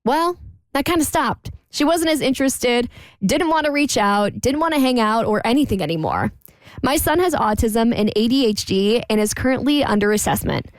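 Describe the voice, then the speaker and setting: A woman co-hosting a radio talk show, reading a listener's letter aloud in a lively, chatty way. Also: fairly high pitch, moderate pace, no echo. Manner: lively, chatty, laughs between lines.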